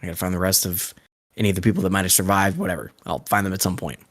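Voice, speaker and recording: Man doing an offhand cursing guy, clueless, low-ish voice. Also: fairly even intonation, racing, a bit bright, no room sound, studio quality. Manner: casual, swearing, offhand. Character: clueless guy who parachuted from a plane.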